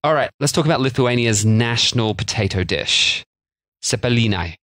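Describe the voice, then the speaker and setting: A man's voice: mid-range voice, animated, moderate pace, a bit bright, no echo. Jokey, rambling male podcast host. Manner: jokey, rambling, slips into silly voices. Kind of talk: casual food podcast chat.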